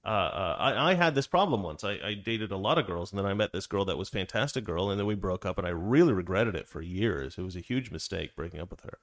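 A man's voice: low voice, animated, quick pace, few pauses, fairly bright tone. A man co-hosting a casual livestream chat, rambling with many fillers and restarts. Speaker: livestream co-host.

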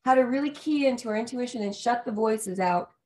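A woman's voice: on the high side, brisk, a little mellow. A woman hosting a casual talk show, enthusiastic and affirming toward her guest as she tells a family story. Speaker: host.

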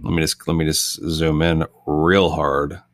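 A man's voice: very deep voice, level tone, a little slow, no room sound, clean studio sound. A man in casual conversation about a film, talking loosely and restarting his sentences often. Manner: rambling, loose, self-interrupting. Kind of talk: casual movie podcast chat.

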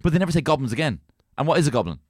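A man's voice: fairly high pitch, big pitch swings, very fast, darkish tone, dry recording, studio quality. A man with a Dublin Irish accent, co-hosting a podcast with wry, teasing quips. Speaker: podcast co-host. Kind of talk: casual chat.

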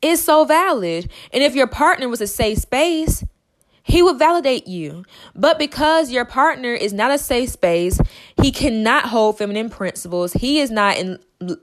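A young woman hosting a podcast, talking fast and emphatically in a monologue, repeating herself and stumbling over words. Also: on the high side, lively intonation. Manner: emphatic and repetitive, fast with stutters. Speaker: podcast host.

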